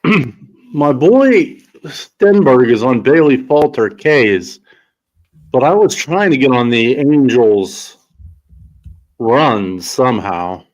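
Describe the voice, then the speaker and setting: A man's voice: mid-range voice, sing-song, takes it slowly, muffled recording. A man co-hosting a live sports betting show, thinking aloud about odds with hesitant restarts in casual banter.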